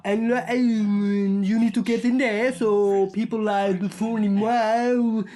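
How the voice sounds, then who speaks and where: A man putting on a mumbled, muddled mix of foreign accents in a halting way, with film music playing behind him. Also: high voice, level tone, warm tone. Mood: mocking.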